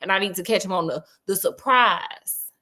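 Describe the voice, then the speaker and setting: A woman's voice: medium pitch, moderate pace, sharp tone, natural voice. A woman voicing a cocky, slangy male detective in a casual storytelling retelling, in a sassy, playful way. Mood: insistent.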